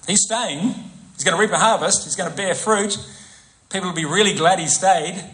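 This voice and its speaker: A man's voice: on the high side, a little fast. A man preaching a conversational sermon in a church, often asking the congregation tag questions and acting out quoted voices. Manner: acts out quoted voices with soft asides.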